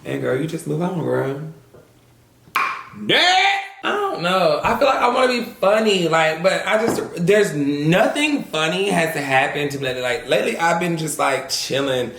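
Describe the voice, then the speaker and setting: A man's voice: a little high, expressive, normal speed, gravelly, hardly any pauses, a bit bright, roomy sound, slight background noise. A man vlogging at home, telling crude stories in a sassy, casual way and calling the audience "girl". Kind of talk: casual storytelling mukbang chat.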